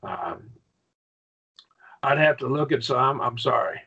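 Man teaching greek grammar in class, gravelly husky voice, keeps saying okay, dull lo-fi recording. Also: medium pitch, expressive, pushed and bright. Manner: folksy, repeats "okay?", slows down to stress points. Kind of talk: classroom lecture.

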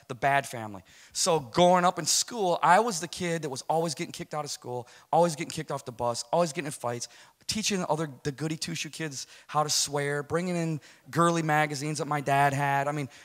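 A man in his forties giving a rambling, self-deprecating personal testimony to a congregation. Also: on the high side. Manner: rambling, self-deprecating storytelling with many restarts. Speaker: guest speaker giving testimony.

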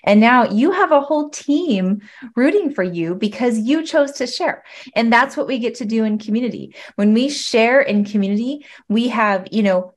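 A woman coach speaking over a video call, giving earnest, encouraging advice in long flowing sentences. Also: a little high.

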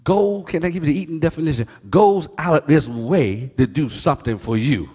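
A man preaching a sermon in a high, wildly swinging voice with a slightly husky edge. He tells folksy, joking stories and climbs from near-whispers to shouts. The sound rings out with a long hall reverb. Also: a little fast. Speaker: pastor.

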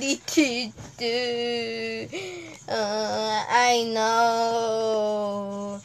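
A woman giving casual gameplay commentary, excitable, humming suspense sounds and talking to the characters on screen. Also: a little high, takes it slowly, background noise. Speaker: gamer host.

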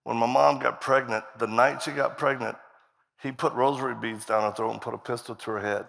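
A man's voice: medium pitch, steady tone, fairly quick, creaky, fairly bright tone. A middle-aged man preaching a storytelling sermon, acting out dialogue and laughing often as he talks. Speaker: guest preacher. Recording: reverberant hall.

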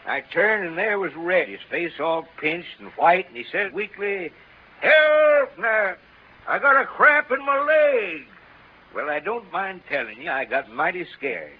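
Rambling folksy dad, kinda high voice, old radio sound. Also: male voice, very animated, measured pace. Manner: long-winded, folksy. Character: middle-aged father, rambling storyteller. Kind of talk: 1930s radio drama acting. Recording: dull old radio broadcast, faint hiss.

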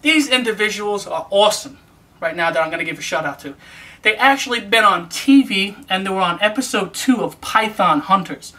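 A man giving casual vlog shout-outs in a hyped, joking, streetwise patter, repeating "you know what I'm saying". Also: high voice, animated, a little fast.

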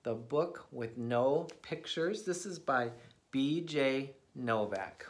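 A man's voice: mid-range voice, lively intonation, slow, slight background noise. A man hosting a read-aloud of a children's book, playful and mock-exasperated at the silly words. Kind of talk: animated read-aloud for kids.

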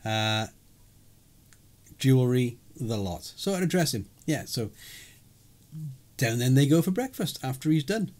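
A man's voice: medium pitch, very animated, a little slow, long pauses, darkish tone. A man co-hosting a podcast, recapping a live role-play event in casual chat, rambling and chuckling with many fillers. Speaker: podcast co-host.

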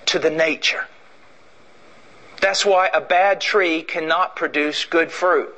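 Emphatic, bright-voiced male preacher. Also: fairly high pitch, steady tone, slow, long pauses, poor audio. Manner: emphatic and repetitive, acting out stories. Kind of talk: sermon.

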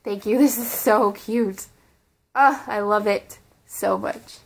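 A young woman with a Midwest American accent, chatting excitedly as she opens fan mail for her vlog and talks to her dolls. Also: mid-range voice, slow, creaky, slight background noise. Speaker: vlogger opening fan mail. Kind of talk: casual vlog unboxing.

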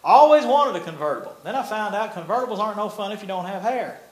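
A man's voice: high voice, expressive, quick pace, heavy background noise. An older man, telling a folksy testimony in a sermon. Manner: folksy storytelling with laughs and nonstandard grammar. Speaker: preacher. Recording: echoey room.

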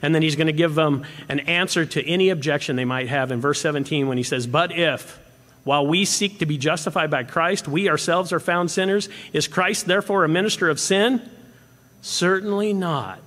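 A man's voice: fairly high pitch, fairly quick, a bit bright, in a large hall. A male pastor preaching a sermon with emphasis, often putting questions to the congregation. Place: church sanctuary.

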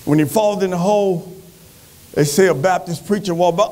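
A man giving an energetic motivational speech on a conference stage, telling stories with animated delivery. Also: high voice, moderate pace. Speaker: motivational speaker.

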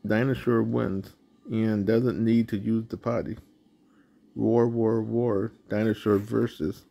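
A man's voice: on the low side, steady tone, measured pace, vocal fry, mellow. A man hosting his channel, reading a picture book aloud with roaring sound effects. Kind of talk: storybook read-aloud.

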